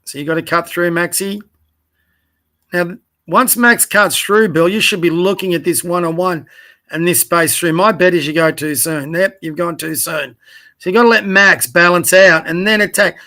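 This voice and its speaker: A high-voiced man, tired and yawning but still keen, reviews a youth basketball game late at night at normal speed. In a bright, direct tone he corrects mistakes and praises good plays, addressing players by name in a casual coaching review.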